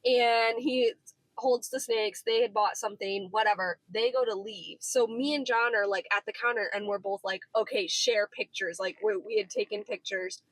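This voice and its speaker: A woman's voice: mid-range voice, normal speed, no room sound, low-quality recording. A woman in her twenties chatting casually in a car, telling a story with lots of acted-out dialogue. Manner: animated, acts out quoted dialogue. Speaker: podcast co-host.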